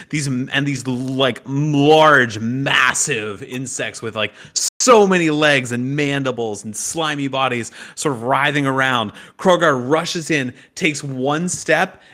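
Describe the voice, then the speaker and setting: Slow, bright-voiced male game master. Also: medium pitch. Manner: laughs often, many fillers and restarts while describing. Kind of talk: narrating a tabletop game.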